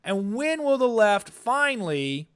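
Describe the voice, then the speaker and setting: Emphatic high-voiced man. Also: sing-song, a little slow, clean tone. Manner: emphatic, repeats words when starting a point. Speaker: podcast co-host. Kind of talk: political commentary chat.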